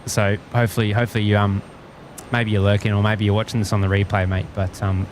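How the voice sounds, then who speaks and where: A man's voice: fairly low pitch, flat delivery, fast, slight background noise. An Australian man hosting a live stream, chatting casually and chuckling as he greets viewers. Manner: easygoing, rambling, chuckles often. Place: outdoors at a plane-spotting spot by an airport.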